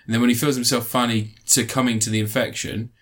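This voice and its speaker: A man casually recapping and reviewing a film, rambling with fillers, sarcastic asides and quick mock voices. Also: mid-range voice, little pitch movement, fairly bright tone.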